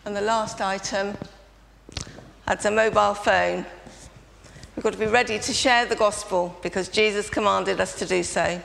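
Woman leading a family-service children's talk in a reverberant church, slight fry, coaxing congregation participation. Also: mid-range voice, moderate pace. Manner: lively, prompting audience participation. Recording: reverberant church, faint background noise.

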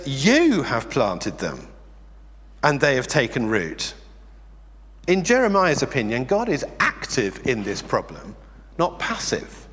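An English man preaches a sermon in a conversational, animated style, putting rhetorical questions to the congregation. His voice is fairly high, and the hall adds a long reverb.

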